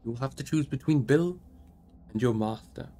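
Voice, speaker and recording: A grave old wizard speaks in measured, solemn tones, as a man reading the book puts him on. He sounds commanding and weighty, a fantasy audiobook elder giving orders with care. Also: mid-range voice, warm tone, natural voice. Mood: gentle.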